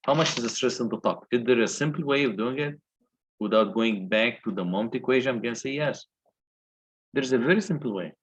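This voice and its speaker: A man's voice: mid-range voice, a little fast, slightly rough, low-quality recording. A male engineering lecturer walking through calculations step by step and asking the class questions. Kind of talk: recorded lecture walkthrough.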